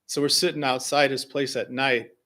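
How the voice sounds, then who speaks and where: A man leading a service, telling a personal story and introducing a song in a slow, gentle way with pauses. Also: mid-range voice, fairly even intonation. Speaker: singer-songwriter leading a service. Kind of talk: spoken reflection and song introduction. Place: fellowship hall.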